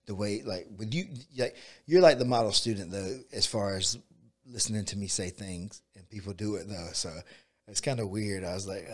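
A man who coaches jiu-jitsu and MMA, talking in a relaxed, rambling way and often saying "dude" and "like". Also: fairly low pitch, moderate pace. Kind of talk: casual conversation.

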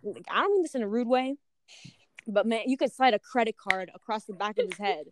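A woman's voice: on the high side, fairly quick, background noise. A young adult woman in a casual chat with friends, rambling through anecdotes with laughter.

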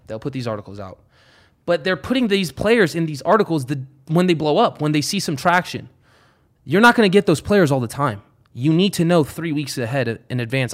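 A young man hosting a casual podcast, brash and swearing, laughing often as he talks. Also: a little high. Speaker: podcast host.

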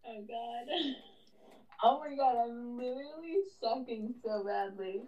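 A woman's voice: on the high side, unhurried, darkish tone, muffled recording. A woman player in a tabletop game, giggly and mocking her own bad luck. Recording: distant mic with faint noise.

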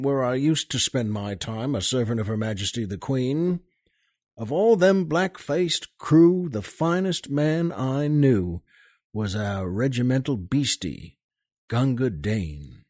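A man's voice: mid-range voice, no echo, studio quality. A man hosting a show, chatting and giving a theatrical poetry recitation. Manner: theatrical, expressive delivery. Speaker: podcast host. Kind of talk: dramatic poetry recitation and casual chat.

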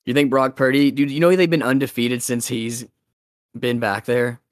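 A man's voice: medium pitch, steady tone, moderate pace, clear, resonant tone, no room sound. A young man hosting a podcast in casual chat, rambling loosely, laughing often and swearing freely. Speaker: podcast host.

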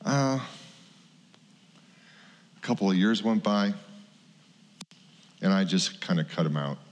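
Middle-aged male pastor, low voice, conversational sermon storyteller, long church reverb. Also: slow. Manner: conversational, animated storyteller acting out quotes. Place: church sanctuary.

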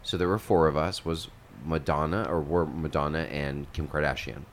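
A man hosting a podcast, telling a celebrity story in a lively, animated way and acting out the quotes. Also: a bass voice, normal speed. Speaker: podcast host. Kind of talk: casual chat, gossipy storytelling.

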